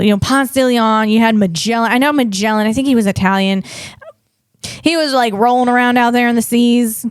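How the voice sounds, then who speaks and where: Rambling higher-pitched woman podcast host. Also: clean tone, dry recording, studio quality. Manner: rambling and digressive, lots of restarts. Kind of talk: casual podcast chat.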